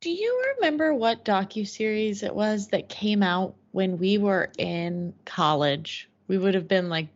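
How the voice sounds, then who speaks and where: A woman's voice: mid-range voice, animated, measured pace, few pauses. Young woman searching for her words. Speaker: podcast co-host. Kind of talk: casual chat. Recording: slightly dull lo-fi podcast audio.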